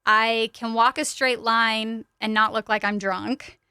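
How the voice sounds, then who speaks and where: Bright, clear-voiced woman sharing openly. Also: on the high side, level tone, takes it slowly, no room sound, clean studio sound. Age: young adult to middle-aged. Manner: open and chatty, frequent "like" fillers. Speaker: podcast guest. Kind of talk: candid personal storytelling. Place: podcast studio.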